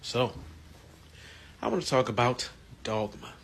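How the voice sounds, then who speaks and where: A man casually explaining a film scene and its premise in a relaxed way, with some fillers. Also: mid-range voice, a little slow, creaky, soft background music. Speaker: movie commentator. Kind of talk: casual spoken film commentary.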